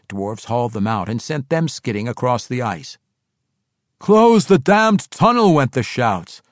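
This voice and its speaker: A man narrates a story expressively, and his pitch rises and falls in an animated way. He is on a close studio mic with a dry sound and no room around it. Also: no room sound. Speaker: audiobook narrator. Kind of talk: scripted narration.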